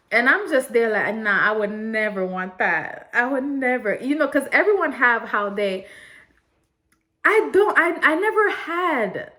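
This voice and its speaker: A woman's voice: fairly high pitch, fairly bright tone. A young woman vlogger telling a story in a chatty, casual way, talking straight to her viewers and laughing often.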